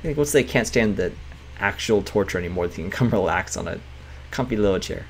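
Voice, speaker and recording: A man's voice: sits low, animated, fairly quick, creaky, a little hiss or hum. A man casually commenting while playing a management game, chatty and often laughing, reading game text aloud. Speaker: gaming writer streaming a game. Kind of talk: casual let's-play commentary.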